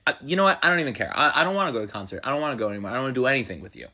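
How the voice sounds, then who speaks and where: A man's voice: medium pitch, very animated, very fast, pushed and bright, exaggerated voice. Whiny pestering wife in a comedy bit, played by a man.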